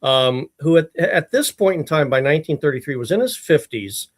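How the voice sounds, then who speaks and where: Halting man hosting an interview. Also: a little high, animated. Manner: halting, thinking aloud with fillers. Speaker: host. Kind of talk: interview host.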